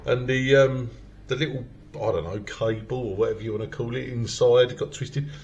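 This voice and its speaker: A man's voice: medium pitch, steady tone, moderate pace, dull audio, slight background noise. A man hosting a comedy podcast, telling a rowdy story in casual chat and swearing freely. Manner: swears a lot, loud storytelling with acted quotes. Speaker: podcast host.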